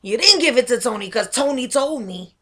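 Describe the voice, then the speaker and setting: A woman voicing a tough male Italian mafioso who talks in a hushed, threatening, streetwise way. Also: a little high, expressive, fairly quick. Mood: wounded, pleading.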